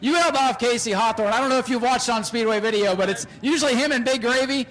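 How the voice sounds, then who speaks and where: A man announcing a short-track race and emceeing the winner's interview, excitable and shouting on close finishes. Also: very high voice, fast, low-quality recording. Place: outdoor speedway.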